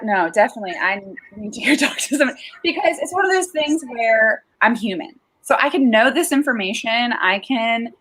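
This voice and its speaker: A woman's voice: mid-range voice, rough recording. A woman therapist chatting casually, explaining emotions in an easy, laughing way. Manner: warm, explanatory, laughs easily. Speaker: therapist guest. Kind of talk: casual chat.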